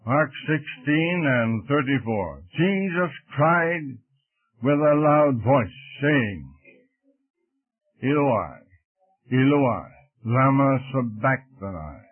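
A man preaching a sermon, slowly and deliberately, quoting King James scripture. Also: mid-range voice, expressive, breathy edge. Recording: tinny phone-like radio broadcast.

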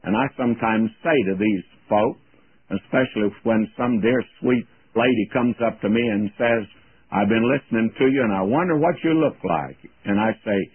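An older man giving a folksy radio Bible teaching, plain-spoken and slowing down to quote scripture. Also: on the low side, breathy edge, dry recording. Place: radio studio. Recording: tinny phone-like radio broadcast, dry.

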